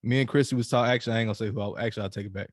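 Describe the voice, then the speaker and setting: A man hosting a relaxed podcast, talking in easy slang and laughing along. His voice is of middling pitch. The sound is dry, with no room echo. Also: racing. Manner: laid-back, laughing, loose slang. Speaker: podcast host. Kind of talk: casual podcast chat.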